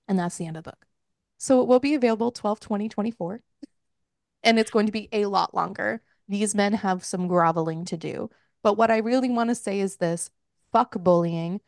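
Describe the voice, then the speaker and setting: A woman's voice: mid-range voice, a little fast, gravelly, darkish tone, no room sound, studio quality. A young woman hosting a podcast, casually recapping a book in a chatty, profane way with frequent laughter. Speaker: podcast host.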